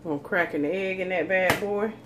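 Folksy woman, lowish voice. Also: moderate pace, background noise. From North Carolina, USA. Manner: chatty, folksy, talks straight to viewers. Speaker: cooking channel host. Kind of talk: casual cooking demonstration. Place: home kitchen.

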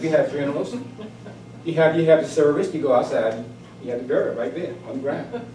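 A man, giving a humorous personal storytelling speech at a club meeting in a lively, emphatic way. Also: on the high side. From South Carolina, US. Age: 60s. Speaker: club speaker. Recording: echoey room, distant mic, background noise.

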